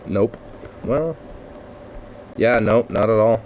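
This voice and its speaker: A man's voice: lowish voice, takes it slowly, darkish tone, a little hiss or hum. A man chatting casually on his own vlog, rambling and swearing, with laughs and lots of fillers. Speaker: vlogger.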